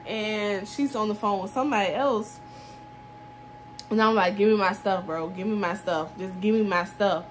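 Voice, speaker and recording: A woman's voice: mid-range voice, a little hiss or hum. A woman in her twenties telling a casual storytime vlog, acting out the quoted dialogue of everyone involved. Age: 20s. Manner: animated retelling that acts out quoted dialogue, with laughs.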